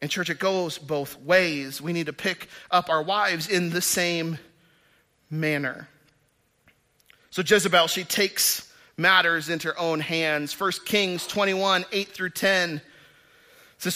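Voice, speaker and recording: Man, 30s, sermon, bright clear tone, emphatic and lively delivery. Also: a little high, slow pace. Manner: energetic, swings from loud emphatic to quiet. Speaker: pastor.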